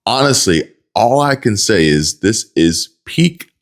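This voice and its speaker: A man's voice: on the low side, very animated, slow pace. A man hosting a political commentary voice-over, talking in a mocking, sarcastic way. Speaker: commentary channel host.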